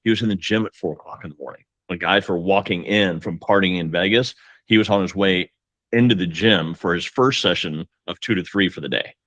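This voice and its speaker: A man's voice: low-pitched, brisk, fairly bright tone, no room sound. A man talking as a guest mortgage coach, with an emphatic, pep-talk delivery. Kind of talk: casual podcast conversation.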